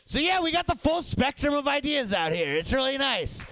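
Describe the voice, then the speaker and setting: A man performing a stand-up comedy set, animated and profane, swinging his voice up and down for bits. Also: very high voice, normal speed, few pauses. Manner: animated, swearing, shifting voice up and down for bits. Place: comedy show venue.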